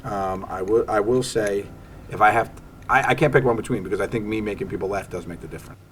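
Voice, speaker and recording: A comedian from Staten Island chats as a guest in a casual interview, telling stories animatedly and acting out the quotes. His voice is fairly low and quick, with a little hiss or hum.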